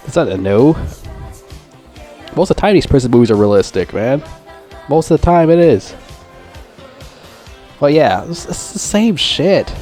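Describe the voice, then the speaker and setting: A man in the middle of a loose, unscripted film review, his voice pitched at an ordinary middle register. He rambles and swears freely, backing up and restarting his thoughts as he goes. Faint music plays softly behind him. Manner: profane, rambling, heavy swearing and fillers.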